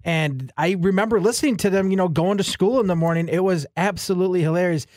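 Dry-humored man on the radio, slightly high. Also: fast talker, a little mellow, no echo. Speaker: radio co-host. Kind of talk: casual radio chat.

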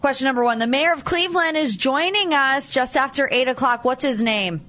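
A woman co-hosting a radio morning show, running a quiz game in a quick, upbeat way and laughing easily. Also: high voice, over music. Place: radio studio. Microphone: studio mic.

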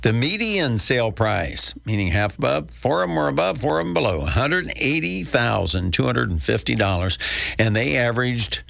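A man's voice: medium pitch, big pitch swings, moderate pace, vocal fry, fairly bright tone, no echo, clean studio sound. An older man hosting a real estate radio show in a folksy, chatty way with wry asides. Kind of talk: casual radio talk with a live ad read.

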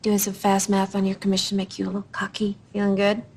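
Actress doing a gravelly ruthless tv boss lady, cold and cutting, faint noise behind. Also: mid-range voice, completely flat delivery, brisk, darkish tone, natural voice. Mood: contemptuous. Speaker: television character. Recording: clip played from a TV drama with faint noise.

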